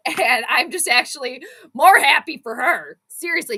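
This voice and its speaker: A young adult woman hosting a live sports stream, reacting to the game in an excitable, exclamatory, chatty way. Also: high-pitched, measured pace. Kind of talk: live play-by-play reaction commentary.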